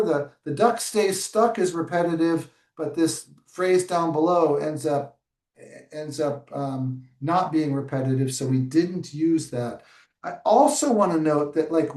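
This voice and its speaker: A man, an early childhood educator, models reading a picture book aloud in a webinar, with lively asides and self-corrections. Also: a little high. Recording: roomy sound, distant from mic.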